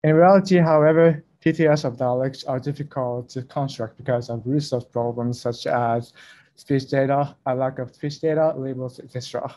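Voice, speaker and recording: A man's voice: mid-range voice, steady tone, normal speed, dark tone. A young man presenting a research talk at a conference over a video call, speaking carefully and a little hesitantly.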